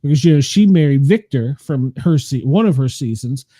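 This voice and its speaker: A man hosts a casual podcast chat with a mellow, darker voice. He is gossipy and swears freely, laughing as he goes. The sound is close and dry. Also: mid-range voice, animated, normal speed, no echo. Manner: profane, laughs often, gossipy. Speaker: podcast host.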